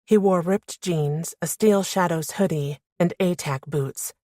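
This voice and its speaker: Female audiobook narrator, low voice, dry close mic, first-person romance. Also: measured pace, mellow, no room sound.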